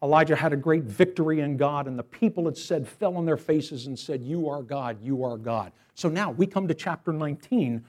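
A male pastor preaching a sermon to his church, telling a story in an animated, storytelling way. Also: a little high, fairly quick, few pauses.

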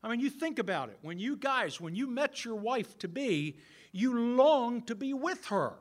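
A man's voice: extremely high pitch, very animated, normal speed. A man in his sixties preaching a sermon in a conversational way, talking straight to the men in the room with some self-mocking humor. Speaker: pastor.

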